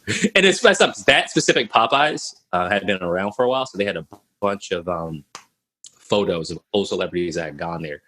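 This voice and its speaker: Young man from Minnesota, husky and bright, a lively storyteller on a video call. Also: sits low, brisk. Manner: animated, laughing, acts out voices in his stories. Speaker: podcast guest.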